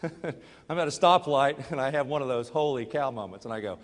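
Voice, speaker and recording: A middle-aged man giving a motivational talk to a live audience, telling a personal story and moving between quiet confession and loud urging. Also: mid-range voice, animated, normal speed, in a large hall. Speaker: network marketing speaker.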